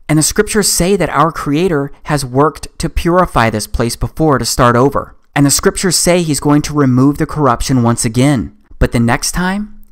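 Guy doing a voice-over, earnest preachy narration, mid-pitched voice. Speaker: documentary narrator.

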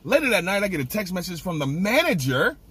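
A young man hosting a casual snack review vlog, ranting in an excitable, animated way. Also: high voice, fast talker, slightly rough.

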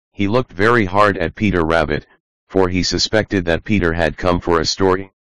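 Low smooth male storybook narrator. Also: normal speed, dry recording, poor audio. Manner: even storybook reading. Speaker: audiobook narrator. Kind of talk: scripted narration.

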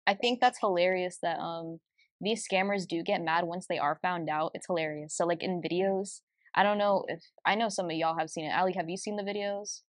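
A young woman in her twenties co-hosting a podcast, telling stories in an animated way with lots of fillers and restarts. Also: fairly low pitch, brisk, no room sound, clean studio sound. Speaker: podcast co-host. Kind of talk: casual chat.

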